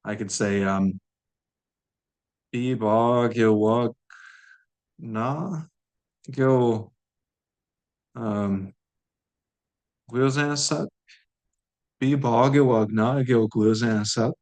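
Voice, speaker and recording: A man's voice: mid-range voice, very slow, long pauses, a little mellow. A man teaching a language lesson, saying each word aloud and repeating it patiently for learners.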